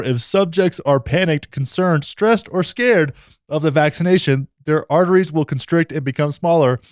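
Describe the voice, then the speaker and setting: A young man giving sarcastic vlog commentary, reading a text aloud with mock outrage and deadpan asides. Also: on the high side, no room sound, studio quality. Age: young adult. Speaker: vlogger.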